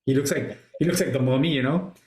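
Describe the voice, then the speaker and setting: A man hosting a casual movie review chat, retelling scenes excitedly and swearing a lot. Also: medium pitch, fast. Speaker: podcast host. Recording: roomy echo.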